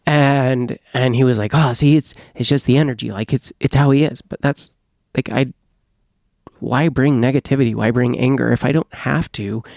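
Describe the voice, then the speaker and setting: A man's voice: medium pitch, fairly even intonation, moderate pace, gravelly, darkish tone, no room sound, studio quality. A man, a podcast host now interviewed in casual chat, talking candidly and rambling, swearing freely.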